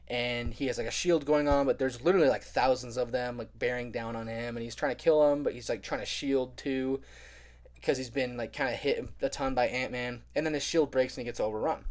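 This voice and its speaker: Rambling young man recapping a movie. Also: mid-range voice. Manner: rambling, heavy use of "like", animated retelling. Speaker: film reviewer. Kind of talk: casual spoiler review recap.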